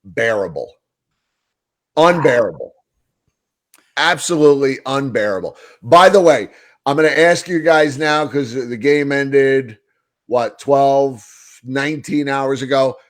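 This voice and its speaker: A hoarse man with a New York accent co-hosting a casual fan podcast, telling stories in an animated way. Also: mid-range voice, slow pace. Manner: animated storyteller, hoarse from yelling. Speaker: podcast co-host. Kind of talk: casual hockey fan chat.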